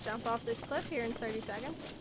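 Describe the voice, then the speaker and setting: A woman's voice: fairly high pitch, fairly quick, very noisy. A woman streaming a video game, chatting casually, narrating her moves and laughing often. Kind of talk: casual live gameplay commentary. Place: at home in a chair. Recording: game sounds with horse hooves behind. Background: video game audio.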